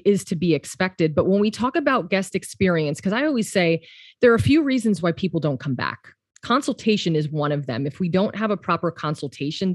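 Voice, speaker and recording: Woman podcast host, lowish voice, dry close sound, steady list-like explaining. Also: no echo. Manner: steady, explains points in lists. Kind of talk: casual podcast chat.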